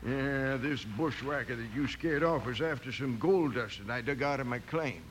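An actor playing an old gold prospector in a radio western, talking in a folksy drawl. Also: male voice, mid-range voice, normal speed, slight background noise, natural voice. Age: older. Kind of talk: 1950s radio drama acting.

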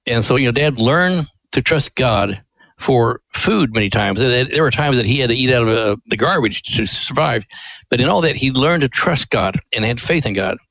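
A man's voice: medium pitch, lively intonation, normal speed, a bit bright, no room sound, poor audio. A man being interviewed as a ministry director on a radio show, telling a family story in a folksy, earnest way.

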